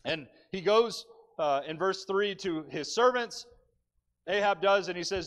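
A male preacher delivering a sermon in church, telling the story with animated, dry humor. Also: high voice, a little slow.

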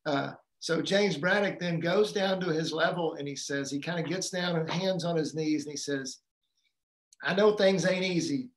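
Casting note: man, fairly high voice, halting storyteller with lots of ums, recorded in an echoey room. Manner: storytelling, retells a film scene with acted quotes; halting, many fillers and restarts. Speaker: guest speaker on fathering. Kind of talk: casual talk on a live community call.

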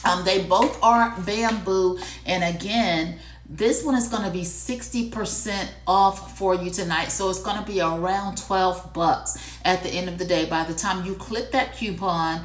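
A woman hosts a live shopping stream in a casual, chatty way, calling viewers "y'all" and repeating lines for emphasis. Her voice sits a little low and has a hint of a frog in her throat. The room gives it a noticeable echo. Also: unhurried, a little hiss or hum. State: coughing and clearing throat. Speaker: livestream shopping host. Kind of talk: casual live-selling chat.

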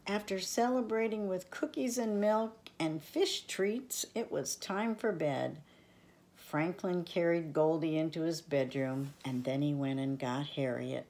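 An older woman reads a children's picture book aloud with gentle affection. Her voice is low and she reads unhurriedly. She sounds like a grandmother talking to small listeners. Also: measured pace. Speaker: storyteller for children. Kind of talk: reading a children's storybook aloud.

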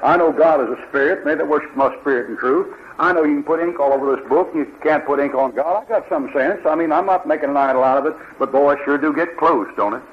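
A man's voice: a little high, fast talker, hardly any pauses, a little hiss or hum. Man, fiery preacher, rhetorical questions, lo-fi old tape. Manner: rhetorical questions, mocking quoted voices. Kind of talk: fiery Bible sermon. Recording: lo-fi archival sermon tape.

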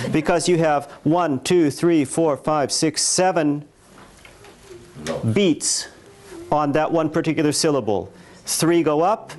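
A man's voice: on the high side, a little mellow. Man teaching church chant. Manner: explains casually, breaks into slow chanted lines. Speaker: church cantoring instructor. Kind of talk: workshop lecture with sung chant examples. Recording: faint background noise.

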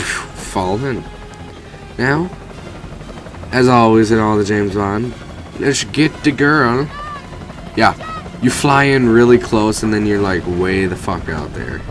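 A man's voice: on the low side, measured pace, music in the background. A man giving rambling let's play commentary over a video game, swearing casually at it. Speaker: gamer commentator.

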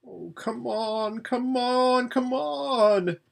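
Male narrator as a brisk, high, urgent girl figure, proud and impatient. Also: sing-song, slightly rough. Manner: urgent, clipped.

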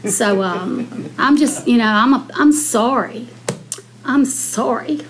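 A woman's voice: a little high, unhurried, slight background noise, rough recording. A middle-aged woman, a county commissioner, speaking bluntly and with emotion in a public meeting debate.

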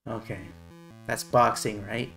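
A man's voice: lowish voice, little pitch movement, a little slow, gravelly, fairly bright tone, faint music behind. Man muttering over retro gameplay. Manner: mutters and curses to himself under stress; wry, self-mocking asides. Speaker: streamer playing retro games. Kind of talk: live gameplay commentary.

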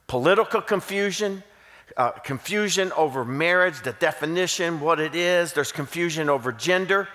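A man's voice: fairly high pitch, sharp tone. A man from Kentucky with a Southern accent, preaching to a church as a guest speaker, telling jokes and stories in between. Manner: joking, self-deprecating storyteller. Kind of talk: sermon with folksy humor. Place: church auditorium. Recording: long hall reverb.

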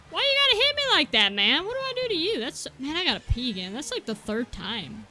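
A young woman streaming a kart racing game while tipsy, giggling, shouting and rambling with silly sound effects. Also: high voice, very animated, quick pace, hardly any pauses. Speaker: gaming streamer. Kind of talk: drunk livestream commentary. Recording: loud game music behind.

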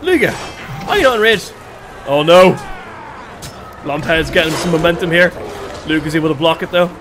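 Excitable high-voiced male streamer. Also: fast, soft background music. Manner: excitable, swears freely, shouts at the game. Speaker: livestreamer. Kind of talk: casual gameplay commentary.

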